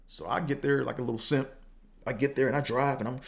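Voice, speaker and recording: A man hosting a podcast, telling a casual story in a slangy, profane way and acting out both sides of the conversations with big jumps in pitch. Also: fast talker, gravelly. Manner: animated, acts out quotes with big pitch jumps. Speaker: podcast host.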